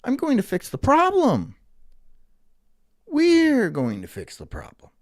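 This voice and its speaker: Lively-voiced woman streamer. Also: sits high, takes it slowly. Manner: swearing, laughing, repeats herself. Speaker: livestream host. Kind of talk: casual livestream commentary.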